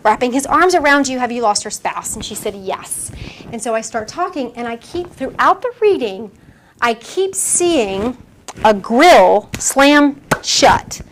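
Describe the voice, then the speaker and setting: A woman's voice: on the high side, expressive, moderate pace, a bit bright, a little hiss or hum. A woman medium giving a casual lecture to a live audience, chatty and acting out the voices in her stories with frequent laughs. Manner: chatty, acts out quoted dialogue, laughs often. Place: room with a small audience.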